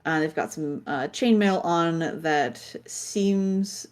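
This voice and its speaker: A woman narrating a tabletop game as game master, halting with fillers and frequent laughs. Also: sits low, darkish tone. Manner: halting, many fillers, giggly.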